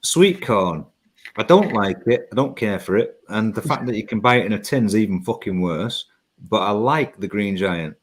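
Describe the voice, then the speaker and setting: A man's voice: fairly low pitch, normal speed, slightly rough. A man from Yorkshire, a regular on a live chat show, talking in a sweary, tipsy, joking way and playing with his own accent. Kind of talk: casual pub chat on a live stream. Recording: faint background noise.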